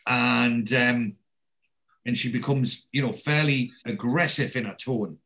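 A man's voice: medium pitch, measured pace, pushed and bright. A man recapping a TV episode in casual chat. He rambles as he tells the story and keeps restarting his sentences.

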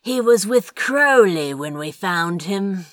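A woman's voice: mid-range voice, animated, takes it slowly, dry recording, studio quality. A woman voicing a polite, deferential assistant speaking firmly to a boss.

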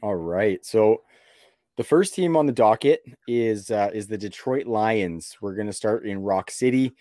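A man's voice: lowish voice, unhurried, warm tone, no room sound, studio quality. A man from Canada hosting a sports podcast, talking in a laid-back way with lots of fillers and easy laughs. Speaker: podcast host. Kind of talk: casual sports podcast chat.

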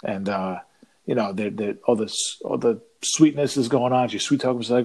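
A man co-hosting a podcast, rambling through a joke in casual chat, halting with restarts. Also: medium pitch, a little mellow, husky. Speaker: podcast co-host.

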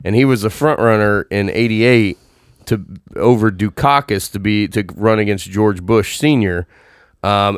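A man's voice: fairly low pitch, smooth, dry recording, clean studio sound. A man in casual conversation about movies, rambling and correcting himself as he goes.

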